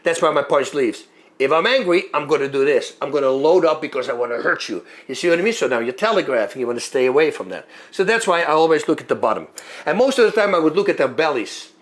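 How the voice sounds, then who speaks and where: A former fighter telling a long story in a lively way, acting out moves and sounds as he goes. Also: a little high, fast talker. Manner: animated, acts out moves and sounds. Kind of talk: storytelling monologue.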